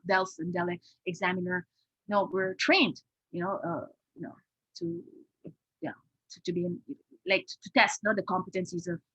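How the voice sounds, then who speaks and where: A woman with a Filipino accent gives a casual talk to learners. Her voice is slightly husky at a mid pitch, and the sound is close and dry with little room around it. She keeps checking in with quick tag questions between her points. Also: pushed and bright, no room sound, rough recording. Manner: tags remarks with "okay?" and "no?", many fillers. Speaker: presenter and language examiner. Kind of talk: informal presentation.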